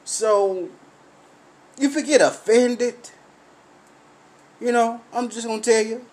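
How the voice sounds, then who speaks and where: Tipsy male livestreamer with a high voice, profane and rambling. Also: slow, pauses often. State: tipsy from drinking. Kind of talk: casual livestream chat.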